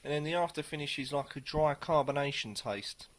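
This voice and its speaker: A man giving a casual, rambling beer tasting review, pausing often as he thinks aloud. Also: on the high side. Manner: rambling, hesitant, many pauses.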